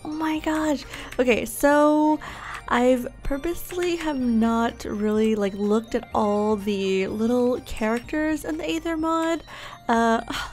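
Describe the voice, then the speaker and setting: A woman's voice: high voice, darkish tone. A young woman giving casual, bubbly gameplay commentary, gushing and gasping as she explores. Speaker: gaming YouTuber.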